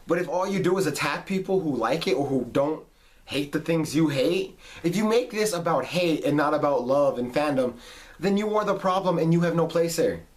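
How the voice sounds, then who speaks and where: A man's voice: a little high, lively intonation, moderate pace. A man in his late twenties giving a heated, emphatic rant on his vlog, swearing freely. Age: late 20s. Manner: heated, emphatic, profane ranting. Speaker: vlog host. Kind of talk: ranting monologue.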